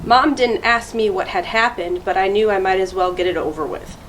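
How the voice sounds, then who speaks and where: A woman reading a children's chapter book aloud to students, in a clear, steady storytelling voice. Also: medium pitch, normal speed, slight background noise, rough recording. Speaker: school deputy reading aloud.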